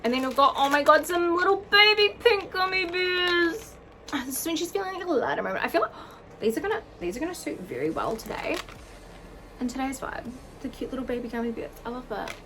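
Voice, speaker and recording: Gushing excitable young woman vlogger. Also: high-pitched, fast, slight background noise, low-quality recording. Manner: gushing, excitable, gasps and squeals often. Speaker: vlogger unboxing jewellery. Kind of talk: casual chat to camera.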